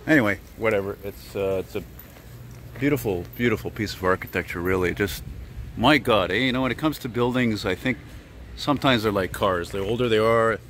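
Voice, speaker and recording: A man's voice: lowish voice, brisk, fairly bright tone, slight background noise. A man rambling casually as he walks a city street, full of fillers and digressions. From Canada. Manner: chatty, digressive, filler-heavy. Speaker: vlogger. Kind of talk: rambling walking vlog.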